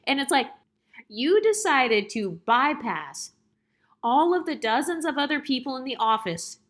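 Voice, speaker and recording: Woman ranting a storytime, kinda high voice, sarcastic and fed up, swears a lot. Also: big pitch swings, fairly bright tone. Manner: exasperated, sarcastic, rapid-fire rhetorical questions; salty, profane. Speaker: storytime vlogger. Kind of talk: casual storytime rant.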